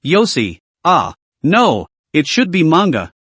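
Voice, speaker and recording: A man's voice: fairly high pitch, wildly swooping pitch, slow pace, fairly bright tone, breathy edge, no echo, heavily acted. A man voicing a musing goblin king.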